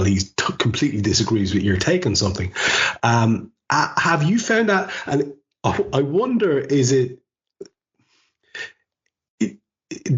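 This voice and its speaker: A man hosts a relaxed podcast chat, asking long, winding questions. His voice is on the low side, and it comes through dull and lo-fi. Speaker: podcast host. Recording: muffled lo-fi audio.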